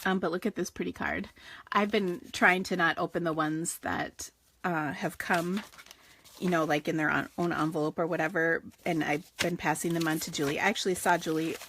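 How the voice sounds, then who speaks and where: A woman's voice: lowish voice, fairly even intonation, normal speed, a bit bright, a little hiss or hum. A woman hosting a casual live craft stream, chatty and gushing with lots of fillers. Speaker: craft show host.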